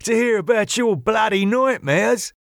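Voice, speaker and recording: A man's voice: sits high, animated, unhurried, creaky, no echo, clean studio sound, voice pushed up, heavily acted. A man reading an audiobook, voicing a cheeky Englishman who teases and mocks his mate. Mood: goading. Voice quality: teasing, mocking.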